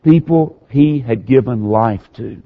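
A male pastor preaching a sermon, telling the story with animated swings from hushed to raised delivery. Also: mid-range voice, slow pace, narrow, tinny audio.

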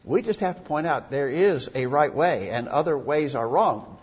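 Earnest preacher man, husky, echoing hall. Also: a little high, lively intonation, moderate pace. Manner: earnest, emphatic, reads scripture aloud. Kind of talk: sermon. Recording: dull lo-fi recording in a reverberant hall.

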